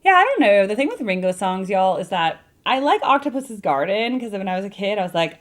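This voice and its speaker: A woman with a slightly low voice and a Midwestern American accent, chatting to her audience as a music reaction vlogger. She reads viewer comments and adds casual, animated, playful asides. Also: a little fast. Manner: animated and playful, laughs often.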